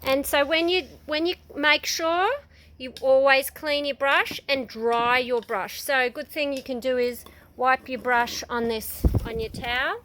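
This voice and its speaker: A woman's voice: sits high, steady tone, measured pace, fairly bright tone, slight background noise. A woman teaching a casual ceramics workshop, patiently explaining each step while guiding children as they paint. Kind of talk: casual hands-on demonstration.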